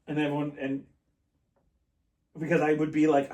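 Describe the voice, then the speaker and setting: A man's voice: on the high side, completely flat delivery, normal speed, pauses often, darkish tone. A man hosting a podcast, telling rambling stories in casual chat and laughing often. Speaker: podcast host. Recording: echoey room, mic at a distance.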